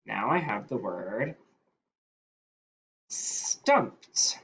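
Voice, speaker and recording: A male teacher leading a phonics dictation lesson, sounding out words slowly and deliberately. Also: medium pitch, very animated, a bit bright, poor audio.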